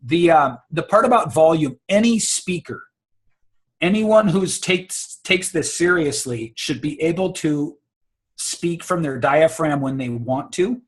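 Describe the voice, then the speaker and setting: A man's voice: fairly high pitch, animated, measured pace. Confident man coaching on a call. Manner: confident, emphatic, repeats words. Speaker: public speaking coach. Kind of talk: casual advice on a video call.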